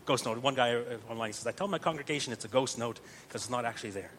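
A man's voice: mid-range voice, fast, a bit bright, a little hiss or hum. A man teaching psalm chanting step by step, patient and explanatory, often checking that listeners follow.

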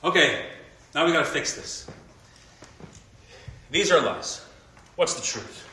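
Animated preacher man in an echoey room. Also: a little high, slow pace. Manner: animated, swings between quiet and emphatic. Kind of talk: sermon. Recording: echoey room with faint noise.

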